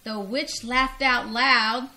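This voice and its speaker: A woman's voice: fairly high pitch, slow pace, a little hiss or hum. A grandmother reading a children's storybook aloud expressively, laughing and leaping up on the cries. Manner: expressive, laughing, big vocal jumps on cries.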